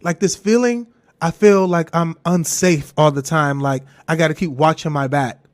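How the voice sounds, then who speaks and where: A man with a somewhat high-pitched voice tells a personal story as a podcast monologue. He rambles candidly and animatedly, doubling back on himself and swearing freely. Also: steady tone, moderate pace. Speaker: podcast host.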